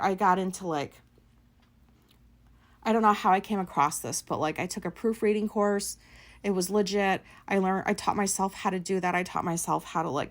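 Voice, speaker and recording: A woman, likely, hosting her own show and telling a personal story in a blunt, profane, filler-heavy way. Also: lowish voice. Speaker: podcast host.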